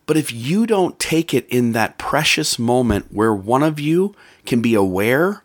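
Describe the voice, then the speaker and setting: A man's voice: mid-range voice, very animated, measured pace. A man giving an earnest motivational talk about relationships, repeating phrases for emphasis.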